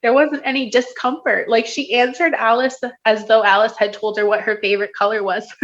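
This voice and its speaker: A woman guest on a podcast gently recounting a personal story in casual conversation. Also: fairly high pitch, fairly even intonation, a little fast. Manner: gentle storyteller with soft laughs. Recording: dull lo-fi remote line.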